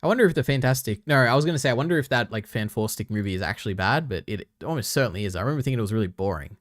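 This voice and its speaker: A man's voice: medium pitch, expressive, very fast, dry recording, studio quality. A young man streaming, reacting to videos in an offhand, chatty way and thinking aloud.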